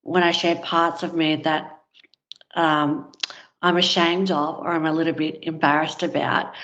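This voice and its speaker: Woman guest, lower register, candid storyteller, muffled lo-fi recording. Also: flat delivery, measured pace, a bit bright. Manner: candid, frank, with filler words. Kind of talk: personal storytelling in conversation. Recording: dull, lo-fi sound.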